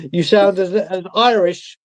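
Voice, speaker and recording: A man's voice: high voice, no echo. A man in casual live stream chat, telling stories animatedly, heard over a call. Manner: animated storyteller, laughs along.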